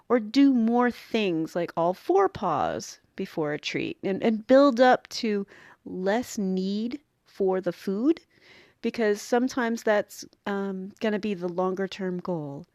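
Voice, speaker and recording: A woman's voice: mid-range voice, darkish tone, no room sound, studio quality. A woman, a dog groomer hosting a show and explaining training in a chatty, self-interrupting way. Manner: chatty, self-interrupting, acts out little voices. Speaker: podcast host and dog groomer. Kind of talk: casual teaching talk.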